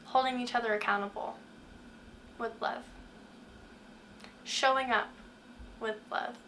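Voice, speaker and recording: A woman's voice: fairly high pitch, fairly even intonation, unhurried, pushed and bright, slight background noise. A woman hosting a faith talk, speaking earnestly and asking the listener many questions. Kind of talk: devotional talk to camera.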